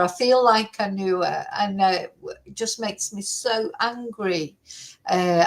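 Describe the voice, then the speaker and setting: A woman's voice: mid-range voice, poor audio. A woman hosting a true crime chat, ranting indignantly and swearing freely as she talks from her computer at home. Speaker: true crime channel host. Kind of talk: casual chat.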